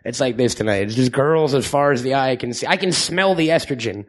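A man's voice: mid-range voice, brisk. A man co-hosting a comedy podcast, teasing his co-host with crude jokes and reading an ad. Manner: profane, teasing, jokey. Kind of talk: crude comedic banter and ad read. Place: live show venue in front of audience.

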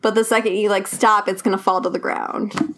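A woman's voice: medium pitch, level tone, fairly quick, a bit bright, slight background noise. A woman guest on a podcast, chatting casually, rambling with lots of fillers and frequent laughter. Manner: giggly, rambling with many fillers. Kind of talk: casual chat.

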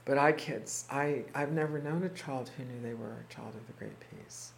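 A reflective teacher tells stories to a small gathered group, voicing the people in them as the tale unfolds. The delivery is unhurried and thoughtful, with frequent halting restarts and repeated words. A faint hum of room noise sits behind the voice. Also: medium pitch, creaky. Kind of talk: storytelling talk to a small group.

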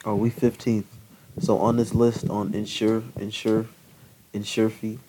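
Low, flat-voiced young man. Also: a little hiss or hum, rough recording. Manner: reads figures off a phone list haltingly. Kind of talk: casual chat.

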